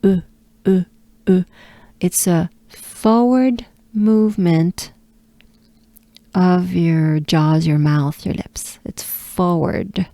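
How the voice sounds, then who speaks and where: Slow, mellow French woman teaching pronunciation. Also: lowish voice, creaky, no room sound. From France. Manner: patient, drawn-out repetitions with breathing cues. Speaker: pronunciation coach. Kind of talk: slow pronunciation lesson with drills.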